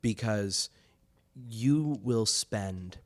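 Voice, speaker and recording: A male show host in a casual interview, reflective and unhurried, giving short agreements. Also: fairly low pitch.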